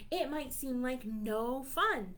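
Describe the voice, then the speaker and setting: With a high, fairly bright voice, a female librarian reads a silly book to young children during storytime. She's playful and puts on mock-indignant reactions to what she reads.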